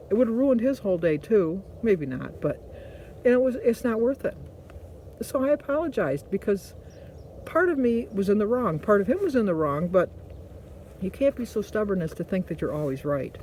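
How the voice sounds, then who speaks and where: A woman's voice: mid-range voice, dark tone, a little hiss or hum. A woman hosting a vlog, chatting casually and motivationally, rambling through stories and correcting herself. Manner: rambling storytelling with self-corrections. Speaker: vlog host.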